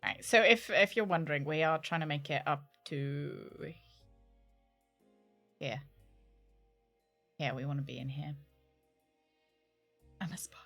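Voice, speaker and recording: A woman's voice: low-pitched, unhurried, vocal fry, long pauses, a bit bright, faint music behind. A young woman with a British accent chatting playfully with her viewers while streaming a game. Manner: chatty, playful, teasing banter with chat. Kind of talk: casual let's-play chat.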